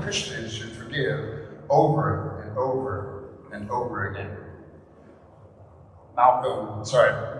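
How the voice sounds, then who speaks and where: A man, a pastor giving a candid, conversational sermon with rhetorical questions. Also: medium pitch. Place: church service in a large echoing hall. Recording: echoey hall, distant mic, faint room noise.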